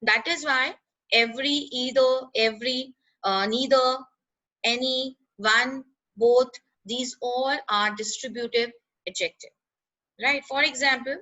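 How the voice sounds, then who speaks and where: A woman explaining grammar in a lesson, pausing with "uh" and checking in with "right?". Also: high-pitched, steady tone, pushed and bright, muffled recording. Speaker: teacher.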